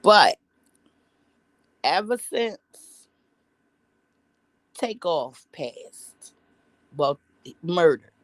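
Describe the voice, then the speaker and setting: A woman's voice: lowish voice, animated, drawn-out words, pauses often, dry recording. A woman vlogger telling a story in casual commentary, blunt and profane, rambling with restarts and asides. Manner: profane, blunt and heavy on slang.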